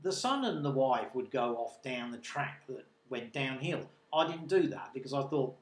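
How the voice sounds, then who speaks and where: A man recounts a local tale in a loose, chatty way, drifting into asides as he goes. His voice sits at an ordinary middle pitch. The room around him is roomy and echoey. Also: lively intonation, normal speed. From Britain. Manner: rambling, digressive, chatty. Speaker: local online news journalist. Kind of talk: casual storytelling monologue.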